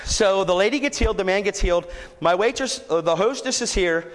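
Lively high-voiced male preacher, storytelling sermon, long hall reverb. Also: fairly quick, slight background noise. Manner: animated, rising to shouts when exhorting.

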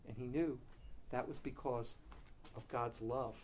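A middle-aged man preaching a sermon, telling a story with bursts of loud animation and soft, low-key emphasis on his main points. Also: fairly even intonation, measured pace, slight background noise.

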